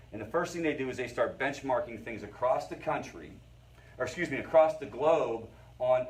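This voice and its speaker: A middle-aged man, a therapist, giving an informal, conversational lecture to a family recovery group and checking in with his listeners. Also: medium pitch. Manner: conversational, keeps checking in with the audience. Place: meeting room with a group. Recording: voice picked up from a distance.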